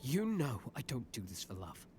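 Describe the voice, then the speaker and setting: An actor playing the weary ghostly double of a young man in a video game, with a hoarse, raspy voice that sounds worn out. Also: medium pitch, wildly swooping pitch, normal speed. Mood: weary, bitter. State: very tired. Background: music.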